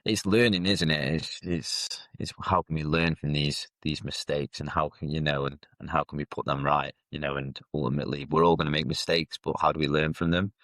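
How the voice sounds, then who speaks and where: Man in his 30s, guest storyteller, very low and level voice, dry close sound, halting and reflective. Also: steady tone, a bit bright, dry recording. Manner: reflective, halting, with frequent fillers and restarts. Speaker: podcast guest. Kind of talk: candid personal storytelling.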